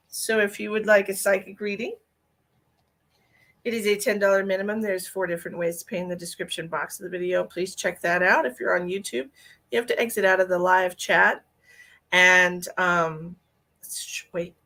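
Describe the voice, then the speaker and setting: A woman's voice: on the low side, steady tone, moderate pace, sharp tone. A woman, a psychic medium, chatting casually on her live stream, greeting viewers by name and rambling through small talk.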